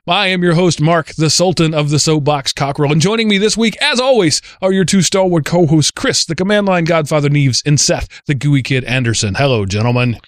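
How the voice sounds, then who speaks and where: A man hosting a casual podcast, telling stories in an animated way. He grew up in the Southern United States. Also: fairly quick, few pauses, dry recording, studio quality. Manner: animated storyteller, lively rises in pitch. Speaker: podcast host.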